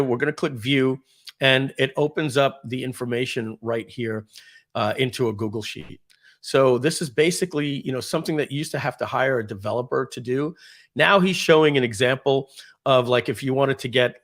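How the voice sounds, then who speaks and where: A man with a New York accent hosting a live online session, chatting as he demos software and growing excited about the tools. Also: medium pitch. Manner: chatty, thinks aloud, grows excited over tools. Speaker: webinar host.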